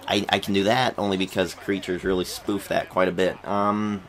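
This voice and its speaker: A man's voice: low voice, flat delivery, moderate pace, few pauses, fairly bright tone, a little hiss or hum. A man giving rambling, chatty commentary over footage of his wrestling game, self-deprecating as he talks. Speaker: wrestling game video creator. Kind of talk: casual commentary over gameplay.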